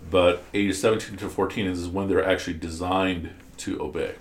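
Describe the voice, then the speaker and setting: Deep-voiced man teaching in an echoey room. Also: steady tone, normal speed. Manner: explanatory, asks the class questions, many restarts. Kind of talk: classroom commentary on scripture. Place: classroom.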